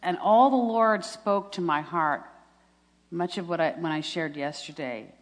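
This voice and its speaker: Low-voiced woman preaching in a hall. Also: a little slow. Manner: earnest, scripture-quoting, laughs at herself. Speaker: speaker at a women's retreat. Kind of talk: testimony sermon. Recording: long reverb in a hall.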